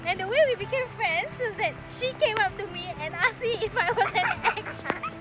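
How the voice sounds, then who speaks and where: A young woman in her twenties with a Malaysian English accent, chatting and teasing her friend outdoors in the rain with quick, dry jokes and a little Malay mixed in. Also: very high-pitched, over music, rough recording. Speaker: vlogger. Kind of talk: casual chat with a friend.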